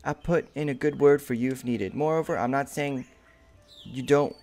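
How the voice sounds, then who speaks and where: A man's voice: medium pitch, steady tone, moderate pace, darkish tone, soft background music, natural voice. A man voicing a friendly, chatty lizard villager in a game, read in a plain everyday voice.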